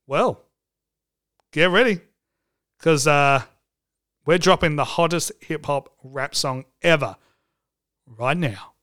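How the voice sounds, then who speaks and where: A man's voice: on the high side, slow, long pauses, fairly bright tone. A man hosting a comedic podcast, joking and swearing for laughs. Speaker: podcast host.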